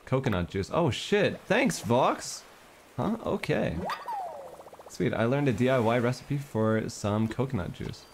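An excitable, playful man chats through a cozy game at home, jumping up and down in pitch as he reacts. His delivery is loose and chatty, with soft game music playing underneath. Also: unhurried, vocal fry. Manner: excitable, playful, reads game text aloud. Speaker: streamer. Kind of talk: casual gameplay chat.

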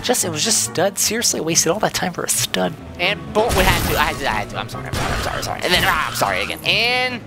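A man hosting a let's-play, joking excitably as he plays a game, with game music behind him. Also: a little high, very fast, vocal fry, hardly any pauses. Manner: excitable, goofy, jokey. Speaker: gaming channel host.

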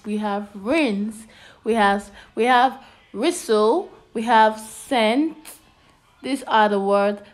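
A woman with a Nigerian English accent teaching a children's lesson on phonics and punctuation. She asks "what?" and then answers her own question. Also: on the high side.

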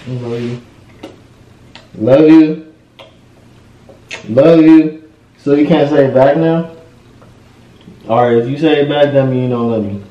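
Give me a playful young man of middle pitch who keeps repeating his teasing pleas. He sounds a step back from the mic in a bare, echoey room with a light hiss behind him. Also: a little slow, pauses often, recorded from a distance, lo-fi sound. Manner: teasing, pleading, repeats himself a lot. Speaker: vlogger. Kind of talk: casual playful chat.

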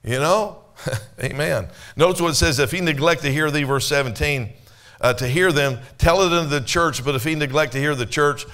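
Higher-pitched male pastor preaching conversationally. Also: fairly quick, bright, forceful tone. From Canada. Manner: conversational preaching with rhetorical questions. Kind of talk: sermon. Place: church.

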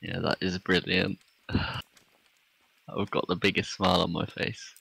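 A man's voice: low voice, level tone, slow pace, creaky, pushed and bright, husky, no echo, poor audio. A man playing a hunting game with a friend, making dry remarks and the odd swear. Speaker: co-player. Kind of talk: casual gaming chat.

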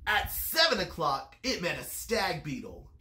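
A reader telling a picture-book story aloud to children with animated, expressive delivery. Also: medium pitch, a little slow. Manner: animated storytelling with lively swings. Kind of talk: expressive read-aloud for kids. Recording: roomy echo.

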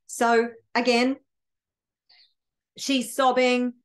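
A woman's voice: a little high, unhurried. Chatty woman telling a story. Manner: animated, chatty, self-correcting. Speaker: mindset coach. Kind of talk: casual storytelling.

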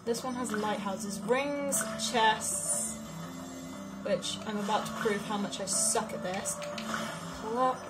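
A woman giving casual let's-play commentary, chatting and muttering to herself, with sudden loud frustrated outbursts. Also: mid-range voice, slow pace. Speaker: gaming video creator. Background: game music.

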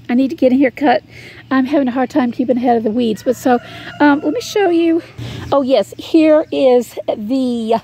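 A woman's voice: high-pitched, warm tone. A middle-aged woman with a Southern US accent, chatting casually and folksily to camera as a homemaker vlogger.

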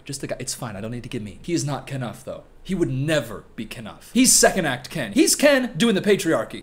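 A man hosting a comedic reaction video, rambling with jokey asides over faint background music. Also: medium pitch.

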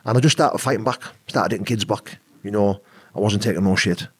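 Fast-talking husky British man. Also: on the low side, dry recording. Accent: British English. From Britain. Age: adult with an eleven-year-old son. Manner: rambling, peppered with "you know what I mean". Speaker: podcast guest. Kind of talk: casual storytelling.

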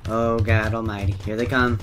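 This man commentates casually on his game in a fairly low, flat voice at a moderate pace, cursing, laughing and mocking his opponents. Loud music plays behind his voice, and the noisy recording also picks up game gunfire and keyboard clicks.

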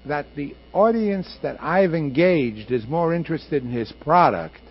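Fairly high in pitch, animated and unhurried, an older man shares stories with passionate emphasis during an interview. He is a radio producer and director there as a guest; the archival radio recording is muffled and faintly hissy.

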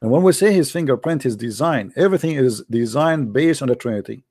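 A man's voice: medium pitch, brisk, no echo. Man patiently explaining, dry close sound. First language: not English. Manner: explains patiently with repeated checks like "right?"; animated, lively storyteller. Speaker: debate host. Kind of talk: casual debate talk.

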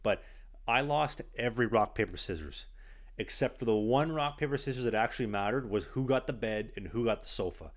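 Lively man telling stories. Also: medium pitch, a little fast. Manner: animated storyteller, full of "like". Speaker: podcast host. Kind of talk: casual podcast chat. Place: small apartment.

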